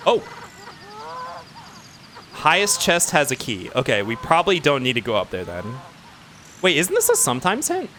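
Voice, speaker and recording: A man casually commenting on his own gameplay as a streamer, excitable and talking to himself as he plays. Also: on the high side, moderate pace, long pauses, a little hiss or hum. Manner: excitable, talks to himself while playing.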